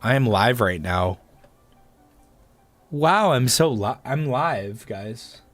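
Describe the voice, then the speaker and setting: A man's voice: expressive, slow, a bit bright, no room sound, soft background music. A young man chatting casually on a live stream, joking around and slipping into silly voices. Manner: joking, goofy, breaks into silly high voices.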